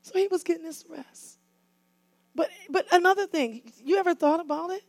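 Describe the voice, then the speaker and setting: A woman minister preaching a fiery call-and-response sermon, often rising to shouts. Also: very high-pitched, moderate pace, dry recording.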